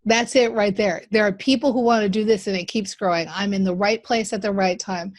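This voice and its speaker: A woman with a mid-range voice speaks a little fast, her intonation fairly even. She hosts a podcast as a mindset coach, encouraging her guest with enthusiasm and often repeating key phrases in this coaching conversation.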